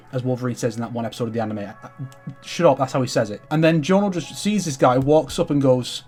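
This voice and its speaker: A man's voice: a little high, expressive, fairly quick, darkish tone, faint music behind. A young man chatting casually and enthusiastically about his comic collection, swearing freely and tripping over restarts. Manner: enthusiastic, profane, rambling with many restarts. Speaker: comics vlogger. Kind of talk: casual rambling collection show-and-tell.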